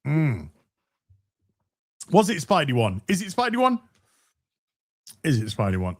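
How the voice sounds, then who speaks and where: A man's voice: on the high side, huge pitch swings, unhurried, long pauses, breathy edge. An English man co-hosting a podcast, reading out donations in a casual, sweary and jokey way. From England.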